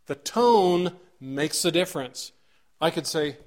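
A middle-aged man preaching to his congregation, his voice sitting a little high for a man. He talks earnestly, acts out little examples and pushes his emphasis upward as the point builds. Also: animated, slow. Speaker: pastor. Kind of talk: sermon.

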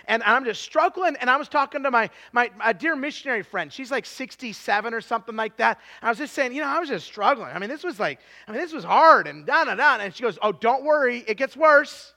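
A man in his forties preaching a sermon, telling stories with lots of restarts and sometimes dropping to a hushed, confessional tone. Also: very high voice, lively intonation, fast talker, hardly any pauses. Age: 40s. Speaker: pastor.

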